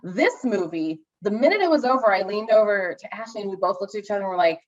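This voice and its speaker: A woman's voice: mid-range voice, animated, fast, muffled recording. A woman co-hosting a podcast in casual chat about films, gushing and rambling with many restarts and acted-out asides. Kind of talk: casual movie review chat.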